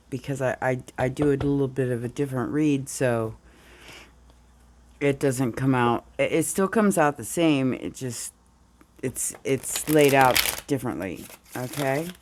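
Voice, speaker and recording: Speaking a little slowly in an extremely low pitch, a woman casually reads tarot cards. She rambles as she talks through them, her voice groggy with morning and a touch of illness.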